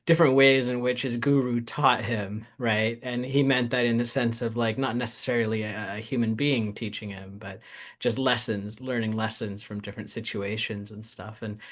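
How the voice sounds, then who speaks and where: A man's voice: medium pitch, fairly even intonation, normal speed. Rambling, reflective male podcast co-host. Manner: reflective, rambling with many fillers. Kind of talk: casual conversation.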